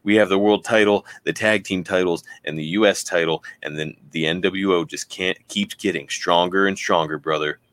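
A man's voice: low-pitched, fairly even intonation, normal speed, few pauses, fairly bright tone. A man doing a brash, boastful wrestling champion.

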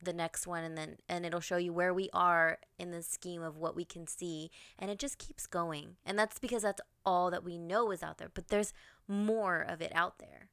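A woman's voice: fairly low pitch, steady tone, normal speed, fairly bright tone, smooth, no room sound. A woman co-hosting a podcast, wondering aloud and stringing question after question in casual chat.

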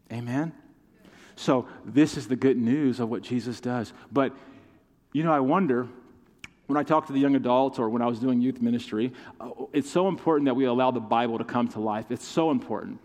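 A man's voice: mid-range voice, moderate pace, darkish tone. Preaching man in a reverberant hall. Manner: impassioned preaching with call-and-response. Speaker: pastor. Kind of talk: sermon. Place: church sanctuary.

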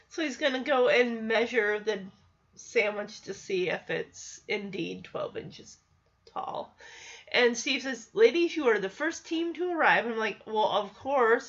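A woman's voice: fairly high pitch, fairly bright tone, muffled recording. A woman giving a casual, chatty recap of a TV episode, laughing often and acting out the characters' lines. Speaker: TV show recapper.

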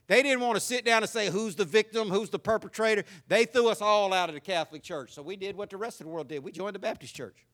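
A man in his fifties with a Southern accent, preaching a sermon and telling his own story in a folksy, animated way, swinging from loud to quiet. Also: sits high, quick pace, few pauses. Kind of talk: sermon with personal testimony.

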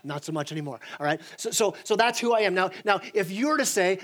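A man with a rather high voice delivers a church sermon with lively energy. He often repeats a word as he starts a sentence, then pushes on. He speaks like a pastor working to keep a congregation with him. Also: fast talker, hardly any pauses. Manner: animated, repeats words when starting sentences, acts out voices. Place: church sanctuary.

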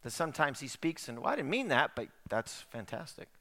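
Lively, bright-voiced man preaching. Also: medium pitch, brisk. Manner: conversational preaching with rhetorical questions. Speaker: pastor. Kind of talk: sermon.

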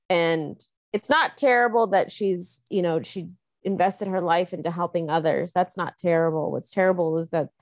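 A woman's voice: fairly low pitch, dry recording. A woman co-hosting a grief podcast, talking in an emotional, reflective way with many fillers. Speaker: podcast co-host. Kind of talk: casual podcast chat.

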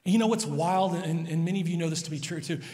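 A man in his thirties preaching a sermon, telling family stories and swinging between soft and loud emphasis. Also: fairly high pitch, fast, in a large hall. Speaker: pastor.

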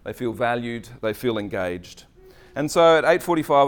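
A man's voice: medium pitch, animated, normal speed. Chatty man telling a story in a sermon. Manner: chatty, self-deprecating, many fillers. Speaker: preacher.

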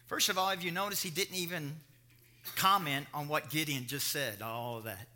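Middle-aged male preacher, high ringing voice, animated sermon with stories. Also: normal speed. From Kentucky. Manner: animated preaching with storytelling asides. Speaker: pastor.

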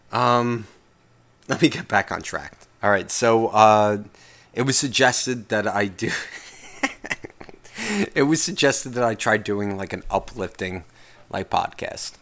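A man's voice: lowish voice, lively intonation, slow pace, pauses often, fairly bright tone. Profane rambling male podcast host. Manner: profane, rambling, self-interrupting. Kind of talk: casual solo podcast rant.

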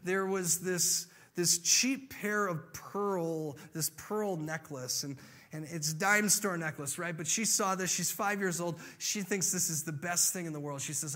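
A man preaching a sermon and telling a story in an animated way, moving from soft, quiet passages to emphatic, rising ones. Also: fairly high pitch, moderate pace.

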